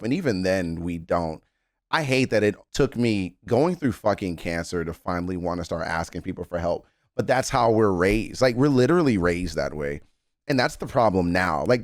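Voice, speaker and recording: A man's voice: low-pitched, no echo, studio quality. A man in his thirties giving an emotional song reaction commentary, earnest and emphatic, swearing often. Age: 30s.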